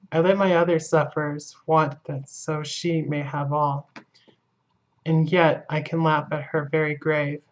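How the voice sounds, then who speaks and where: Van Helsing, a woman reading an old Dutch professor. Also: deep voice. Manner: earnest, broken English, lyrical monologue. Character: older Dutch male professor, grieving and philosophical. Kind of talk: audiobook reading. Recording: dull lo-fi recording.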